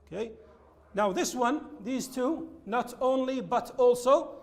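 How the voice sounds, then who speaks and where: A man teaching an English lesson, explaining linking words slowly and repeating his examples. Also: extremely high pitch, vocal fry. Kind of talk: classroom lesson with slides.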